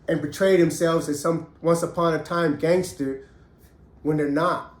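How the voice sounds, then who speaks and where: This is a former prisoner in middle age, recounting his life candidly with heat, profanity and emphatic bluntness. He speaks at a fairly high pitch in a fairly even, unhurried way, and the recording is reverberant.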